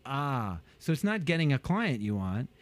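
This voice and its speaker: A man, a business coach, talking animatedly in an interview and acting out quotes with big jumps in pitch. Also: big pitch swings, normal speed.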